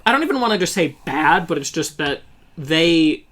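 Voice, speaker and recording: A man co-hosting a casual review chat, relaxed and peppering his talk with "like". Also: a little high, normal speed. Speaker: podcast co-host.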